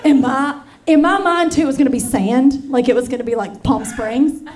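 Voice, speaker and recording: Performing stand-up before a live audience that laughs along, a brassy, chatty woman in her forties calls the crowd honey and y'all. Her voice is high-pitched and slightly mellow, moving at a normal speed.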